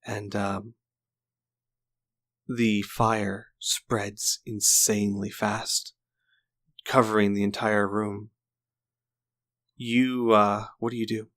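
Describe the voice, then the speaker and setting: A man narrating a tabletop game as game master in a slow, deliberate storytelling manner. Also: lowish voice, little pitch movement, a bit bright.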